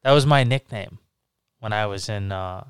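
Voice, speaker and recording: A man's voice: lowish voice, normal speed, clean tone, dry recording. A young man with a Rhode Island accent, a podcast co-host joking and cursing in easygoing banter over beers. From New England. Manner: joking, profane, laid-back banter. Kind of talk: casual chat over beers.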